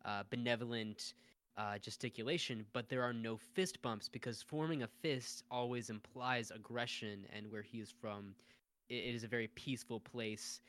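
A man's voice: medium pitch, a bit bright, smooth. A young man chatting casually as a tabletop game player, rambling with fillers. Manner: rambling, full of fillers and laughs. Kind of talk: casual chat.

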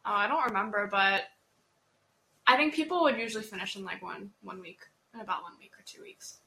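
A woman's voice: medium pitch, fairly quick, vocal fry, pushed and bright, reverberant, poor audio. A young woman student chatting easily on a podcast, laughing often. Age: young adult. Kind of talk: casual chat.

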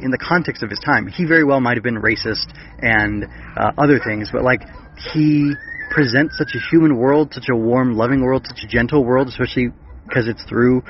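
A man's voice: medium pitch, creaky, dull audio, a little hiss or hum. A man hosting a podcast, chatting casually about a book with many fillers and restarts. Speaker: podcast host.

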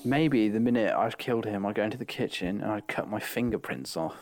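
Male podcast co-host, lowish pitch, dry laid-back banter. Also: brisk. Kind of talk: crude comedic podcast banter.

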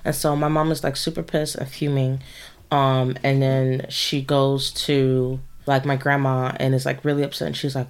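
A woman's voice: extremely low pitch, little pitch movement, normal speed, clear, resonant tone. A woman co-hosting a podcast, telling a personal story in casual chat, rambling with many fillers. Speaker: podcast co-host.

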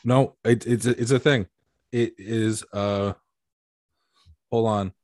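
A man with a fairly low voice co-hosts a casual podcast chat. He rambles and riffs with incredulous energy. The sound is close and dry, with no room around it. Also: takes it slowly, no echo. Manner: rambling, incredulous, animated riffing. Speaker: podcast co-host.

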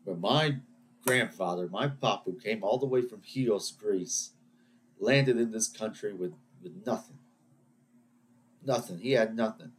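A man's voice: lowish voice, moderate pace, a little hiss or hum. A man hosting his own podcast, ranting and rambling in a self-deprecating way. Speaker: podcast host. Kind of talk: solo rant podcast.

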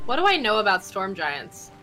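A woman playing a tabletop game, excitable, with quick reactions. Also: faint music behind. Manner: excitable, bright, big pitch swings. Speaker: player. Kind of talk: casual tabletop game chat.

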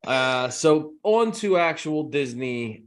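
A man's voice: on the high side, lively intonation, slow. A man hosting a podcast in casual chat, sarcastic and swearing often.

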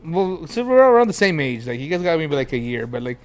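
A man's voice: a little high, very animated, brisk, faint music behind. A man, co-hosting a casual podcast and telling crude, laughing stories about his kids. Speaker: podcast co-host. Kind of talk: casual chat.

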